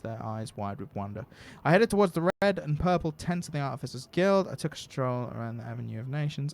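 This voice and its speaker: A man's voice: medium pitch, expressive, a little fast, darkish tone. Man reading game text aloud. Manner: casual, thinking aloud. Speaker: streamer host.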